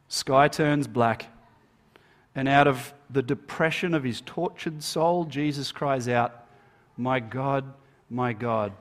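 A man, a minister, giving a Good Friday sermon as storytelling, swinging between emphatic lines and hushed, slowed ones. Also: on the high side.

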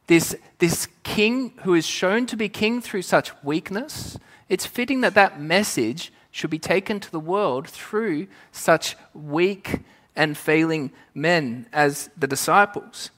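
A man's voice: a little high, animated, a little slow, fairly bright tone. A man preaching a sermon in a church, speaking into a microphone. He talks in a conversational way, tells stories and asks the congregation questions.

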